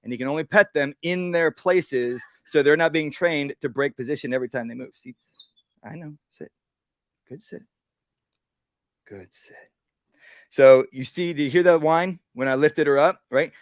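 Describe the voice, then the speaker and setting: Man teaching dog obedience live, slightly high voice. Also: no room sound, clean studio sound. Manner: explains step by step, often checks in with "right?"; gives short calm commands to a dog between explanations. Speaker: dog trainer. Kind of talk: live workshop demonstration.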